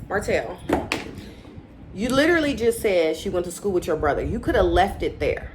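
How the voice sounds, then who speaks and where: A woman recapping a reality show in casual, opinionated chat, acting out quotes with animated inflection. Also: fairly low pitch, normal speed, noisy background.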